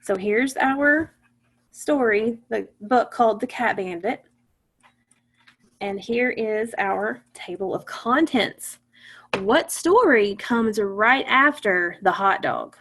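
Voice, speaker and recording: A woman teaching a phonics lesson to young children, patient and encouraging, sounding out words slowly. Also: fairly high pitch, animated, fairly bright tone, slightly rough.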